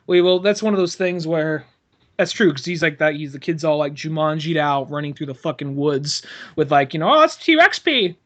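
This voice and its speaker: A man's voice: fairly high pitch, fairly even intonation, brisk. A man co-hosting a podcast in casual comedic chat, riffing with lots of swearing and laughter. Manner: profane riffing, acts out voices, laughs often. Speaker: podcast host.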